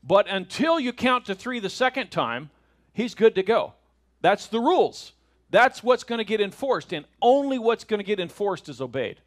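A man's voice: high-pitched, very animated, moderate pace. A middle-aged man teaching a Bible lesson in a conversational way, often asking rhetorical questions.

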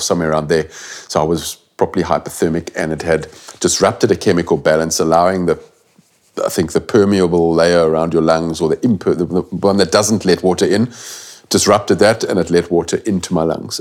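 A middle-aged man tells a gripping personal story in an interview. His voice sits very low, and he talks bluntly and earnestly, dropping the odd swear word and restarting his sentences. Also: darkish tone. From South Africa. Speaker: guest.

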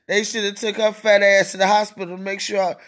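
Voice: medium pitch, little pitch movement, normal speed, a bit bright. A podcast host ranting solo, mocking and cursing, who keeps breaking into laughter.

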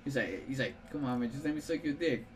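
A young man hosting a casual gaming video, swearing and laughing as he tells stories and yells instructions at a friend. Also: medium pitch, lively intonation, fast, a little hiss or hum. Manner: profane, laughing, swings from storytelling to yelling at his partner.

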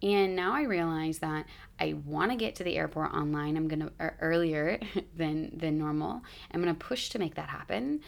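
A woman's voice: low voice, moderate pace, creaky. A woman in her thirties telling a travel story in a chatty, rambling way, full of "like" and "you know.". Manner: rambling, chatty, lots of "like" fillers. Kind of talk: casual storytelling vlog.

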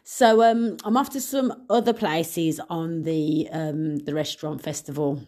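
A woman's voice: sits low, unhurried, warm tone. A young woman hosting a podcast in a casual, chatty way, with playful asides and frequent laughs. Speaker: podcast host. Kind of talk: casual solo podcast chat.

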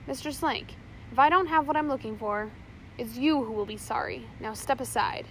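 Woman playing a menacing pirate captain, calm, steady, storybook. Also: fairly high pitch, moderate pace, slight background noise, rough recording. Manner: calm, threatening.

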